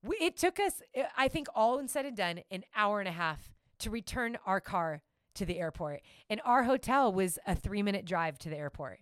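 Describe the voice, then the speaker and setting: Woman telling a story, smooth clear voice, dry close sound, laughs a lot. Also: mid-range voice, normal speed, dry recording. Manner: animated, giggly, acts out quotes. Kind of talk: casual storytelling chat.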